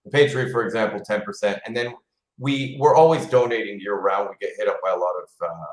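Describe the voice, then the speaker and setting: A man speaking as a guest in a casual interview, earnest and soft-spoken. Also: fairly low pitch, brisk. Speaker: guest, company founder. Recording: roomy sound.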